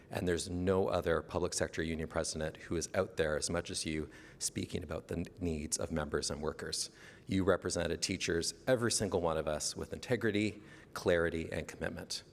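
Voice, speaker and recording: A man, a teacher, reading an earnest, formal tribute speech at a convention. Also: low voice. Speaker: teacher presenting an award. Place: large convention hall. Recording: long hall reverb.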